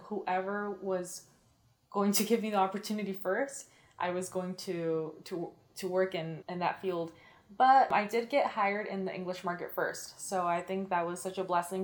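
A chatty young woman with Mexican-American roots answers interview questions about her media work. She keeps adding "like" as she talks and slips into quoted lines. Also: mid-range voice. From Mexican-American background. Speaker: radio and TV media personality, guest.

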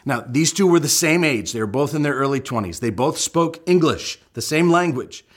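Brief: middle-aged pastor, slightly high voice, explanatory sermon delivery with emphatic key points. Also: male voice, lively intonation, moderate pace. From United States.

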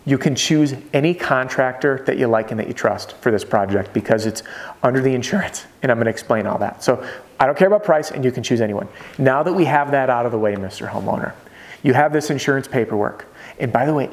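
A man coaching salespeople in an energetic, conversational way, often checking in with his listeners. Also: medium pitch. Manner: energetic, conversational, peppered with "right?" check-ins. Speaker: roofing sales trainer. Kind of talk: motivational sales coaching monologue.

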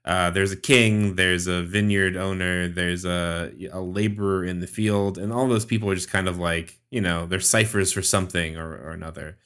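A man's voice: sits low, steady tone, normal speed, hardly any pauses, a bit bright, clean tone. A man co-hosting a podcast as a scholar of religion, wry and musing in casual chat with many fillers.

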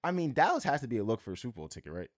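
Young guy rattling off football takes, swears a lot, quick and dry. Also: mid-range voice, no room sound. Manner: excitable, swears, repeats himself. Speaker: sports podcast co-host. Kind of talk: casual sports betting chat.

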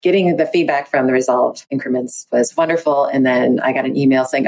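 Guest: woman, low and slightly husky, thoughtful, quoting her own inner voice. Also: brisk. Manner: reflective, acts out her own inner dialogue with animated pitch lifts. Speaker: researcher and podcast guest. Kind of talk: candid conversational interview.

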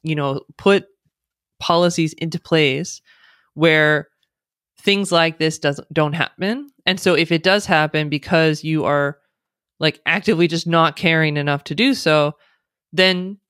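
A woman's voice: deep voice, unhurried, a bit bright, clean tone, dry recording, studio quality. An American woman speaking as a podcast guest, chatty and sarcastic, often laughing as she talks. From United States. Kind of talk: casual podcast interview.

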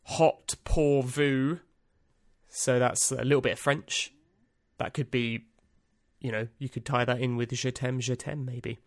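A man's voice: medium pitch, flat delivery, normal speed, dry recording. A man hosting a podcast, reading out a list in a rambling, dry, self-amused way with lots of ums and uhs. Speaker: podcast host. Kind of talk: casual solo podcast monologue.

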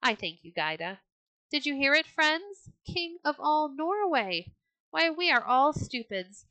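A woman voicing a brash young Viking king who speaks in booming exclamations. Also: very animated, measured pace, bright, forceful tone, no room sound, full character voice, low-quality recording. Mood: boisterous.

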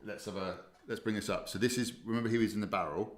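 A man's voice: fairly low pitch, fairly even intonation, fast talker. A man hosting a casual chat, reading out listener questions and fumbling for clips. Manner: chatty, stumbles over restarts while finding clips. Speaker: host. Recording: roomy echo.

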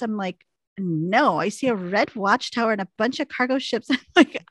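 A woman from the American Midwest telling a funny story in casual chat, animated and laughing as she acts out what people said. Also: high voice, normal speed, no room sound.

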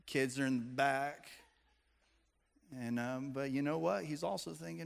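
A man's voice: medium pitch, steady tone, measured pace, creaky, long pauses. A man pastor preaching a playful sermon to a congregation, quizzing the room with questions. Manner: playful, audience-engaging, asks the room questions. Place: church sanctuary with a congregation. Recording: long hall reverb.

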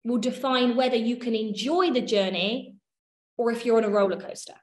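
Running a workshop in an echoey room, this woman talks at a moderate pace in a slightly high voice. Her teaching style is relaxed and conversational, with casual swearing and frequent checks that everyone is keeping up.

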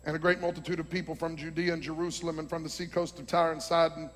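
A man preaching a sermon, teaching from scripture with fervent, shouting emphasis. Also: on the high side, flat delivery, fast talker. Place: large hall with a congregation. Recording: long hall reverb.

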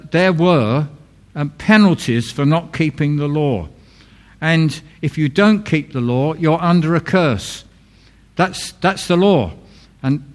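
A man preaching a sermon in an earnest, plain-spoken way, repeating key phrases and dropping his voice low for emphasis, with casual asides to the congregation. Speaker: pastor.

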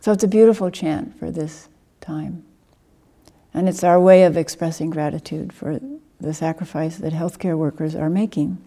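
Woman doing a dharma talk, lowish warm voice, gentle and earnest. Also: steady tone, normal speed. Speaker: Buddhist teacher.

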